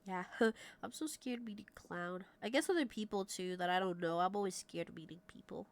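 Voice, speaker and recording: A woman's voice: medium pitch, a little fast. A young adult woman livestreamer chatting casually with her viewers at a desk mic. She laughs often and swears freely. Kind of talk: casual chat with stream viewers.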